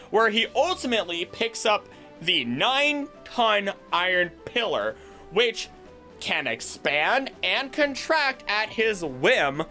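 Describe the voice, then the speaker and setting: A man hosting a video, explaining myths in an animated, jokey, tangential way. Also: high-pitched. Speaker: voice actor and video host. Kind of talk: casual explanatory commentary.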